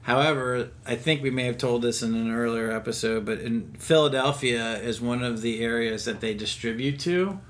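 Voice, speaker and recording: A man's voice: medium pitch, normal speed, hardly any pauses. Playful man telling a story about beer. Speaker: podcast host. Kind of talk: casual beer-tasting chat. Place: his own house.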